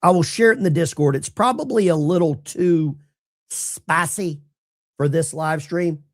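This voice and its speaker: A man's voice: a little high, a little slow. A man hosting a live stream of political commentary, talking to his chat viewers in a sarcastic, rambling way with many restarts. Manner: addresses chat viewers directly. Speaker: political commentary livestream host.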